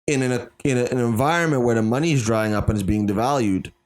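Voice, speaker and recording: A man's voice: medium pitch, fast talker. Man reasoning through a podcast debate. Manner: analytical, hedging, circles back to his point. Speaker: podcast co-host. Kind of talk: casual chat.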